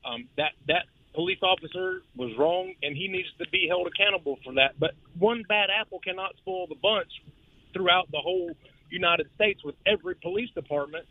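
A man's voice: high voice, very animated, normal speed, vocal fry, no echo. A man calling in to a radio show, agitated and stammering as he talks. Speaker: caller. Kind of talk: phone-in radio call. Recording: tinny phone line.

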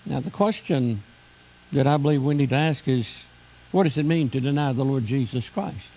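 A man preaching a sermon, slowing down to stress scripture lines. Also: mid-range voice, a little mellow, low-quality recording. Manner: emphatic, slows down to stress scripture.

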